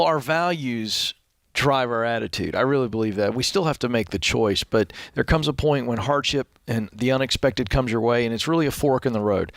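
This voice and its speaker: A man's voice: medium pitch, dry recording, studio quality. A man co-hosting a radio talk show, speaking in an earnest, affirming way. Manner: earnest, affirming, telling an anecdote. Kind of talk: casual on-air talk.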